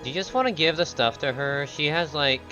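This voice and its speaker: A man's voice: on the high side, a little fast, pushed and bright, dull audio, faint music behind. A man chatting casually while playing a video game with friends, eager for gear but hesitant, with many fillers. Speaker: game streamer, player. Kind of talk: casual gaming chat.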